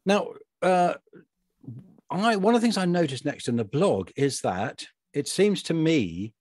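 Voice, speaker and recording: A man's voice: on the high side, sing-song, unhurried, a little mellow, no room sound, clean studio sound. A man co-hosting a casual talk on a Bible passage, thinking aloud with restarts and little laughs. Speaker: podcast co-host.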